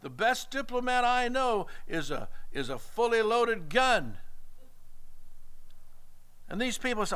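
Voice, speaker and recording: A man's voice: extremely high pitch, big pitch swings, slow, long pauses, fairly bright tone, clean tone. A man preaching a sermon in an emphatic, folksy way, reading scripture aloud between remarks.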